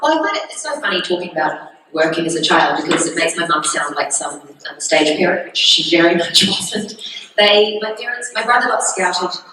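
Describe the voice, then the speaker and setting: New zealand woman rambling on a con panel, lowish voice, big echoey hall, picked up from a distance, noisy. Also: lively intonation, normal speed, sharp tone. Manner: chatty, rambling with fillers. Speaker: actress guest on a convention panel. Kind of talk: casual panel chat. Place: large convention hall stage.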